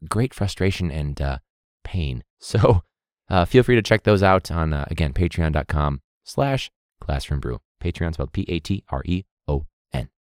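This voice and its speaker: A man's voice: very deep voice, darkish tone, no echo, clean studio sound. A man hosting a podcast as a teacher, rambling and joking with plenty of swearing in a casual outro.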